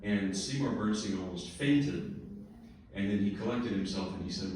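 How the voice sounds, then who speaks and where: Deep-voiced man speaking in an echoey hall. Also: normal speed, distant mic, slight background noise. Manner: relaxed storytelling with laughs and asides. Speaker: pianist. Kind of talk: lecture-recital remarks. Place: recital hall.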